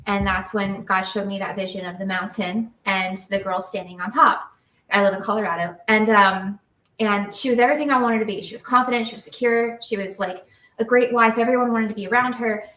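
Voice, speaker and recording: A woman's voice: medium pitch, steady tone, brisk, bright, forceful tone, reverberant, far from the mic, poor audio. A woman co-host in casual chat, telling her story in an earnest, reflective way.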